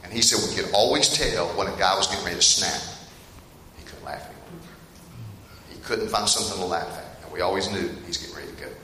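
A middle-aged man preaching a sermon in a church, talking straight to the congregation and telling stories in an animated way that gets him laughing. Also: deep voice, fast talker. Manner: storytelling, animated and laughing at funny parts; addresses the congregation directly. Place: church hall. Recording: echoey hall with faint room noise.

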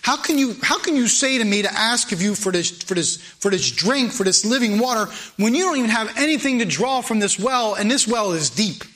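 A man's voice: high-pitched, lively intonation, a bit bright, voice pushed up. A man voicing a skeptical Samaritan woman at a well, firing off repeated questions. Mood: incredulous. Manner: rapid, incredulous, repeating her questions.

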